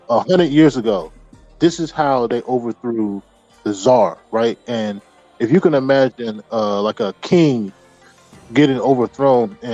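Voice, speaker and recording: A man's voice: mid-range voice, a little mellow. A man talking casually as podcast host, rambling with lots of restarts and fillers. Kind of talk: casual chat. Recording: dull lo-fi audio.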